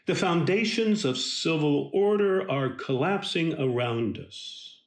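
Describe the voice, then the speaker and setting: A man giving a devotional Bible teaching in a slow, emphatic and earnest way. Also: fairly high pitch, lively intonation, roomy sound.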